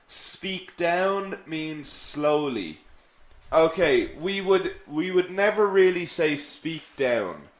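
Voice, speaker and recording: Man, English teacher, live online lesson, slow patient delivery, echoey room. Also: a little high. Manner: slow, patient, repeats phrases, answers viewers' questions.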